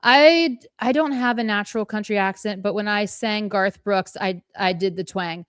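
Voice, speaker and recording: A woman's voice: mid-range voice, moderate pace, smooth, no room sound, studio quality. A woman co-hosting a live fan stream, gushing and chatty, laughing often between points. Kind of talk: casual live-stream chat.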